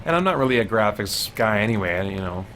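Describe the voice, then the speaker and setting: A man's voice: fairly low pitch, a little fast, slight background noise. Jumpy man narrating his gameplay. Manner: jumpy, excitable, easily startled. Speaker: gameplay commentator. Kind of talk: let's play commentary.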